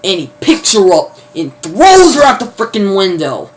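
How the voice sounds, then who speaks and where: A man's voice: high voice, huge pitch swings, moderate pace. A man giving a casual, rambling plot recap, full of fillers and mild cursing. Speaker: video reviewer.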